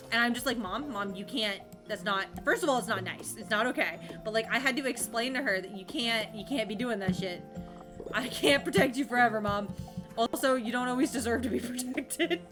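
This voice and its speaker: A young woman from Florida chatting casually while streaming a game, rambling, laughing often and swearing freely. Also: on the high side.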